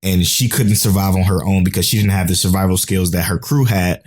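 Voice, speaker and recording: Low-voiced excitable young man chatting. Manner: excitable, swears casually, quick recaps. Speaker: podcast co-host. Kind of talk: casual chat.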